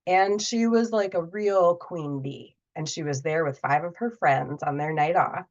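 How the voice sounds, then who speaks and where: A woman tells a personal story in a relaxed, conversational way. Her voice sits a little low, and she livens up when she voices the people in it. The audio is dull and muffled. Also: measured pace. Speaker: podcast guest, storyteller.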